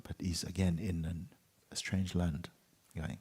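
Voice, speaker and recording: Deep, husky-voiced spiritual teacher. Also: male voice, flat delivery, in a large hall. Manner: gentle, unhurried storytelling with soft trailing endings. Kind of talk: storytelling talk at a retreat. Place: retreat hall.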